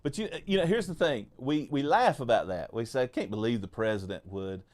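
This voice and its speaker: A man's voice: medium pitch, animated, a little fast, darkish tone. A man hosting a faith podcast, chatting casually and telling jokey, folksy stories with frequent restarts. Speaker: podcast host.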